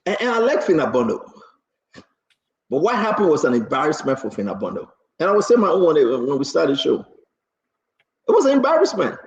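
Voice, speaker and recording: A man hosting a political talk show, excitable and mocking, laughing often and repeating his words. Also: a little high, fairly quick, pauses often. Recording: roomy, dull lo-fi sound.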